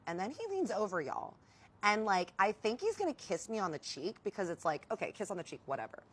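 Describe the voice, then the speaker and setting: A woman's voice: medium pitch, fairly quick, breathy edge. A woman telling a story in casual vlog style, candid, swearing freely and addressing her viewers directly. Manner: animated when quoting herself. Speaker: storytime vlogger.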